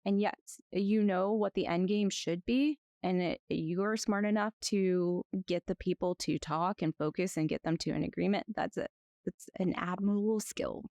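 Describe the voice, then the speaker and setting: A woman lawyer being interviewed, chatting in a rambling, lively way with frequent restarts. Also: fairly low pitch, moderate pace, no echo. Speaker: guest, lawyer. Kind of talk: conversational interview.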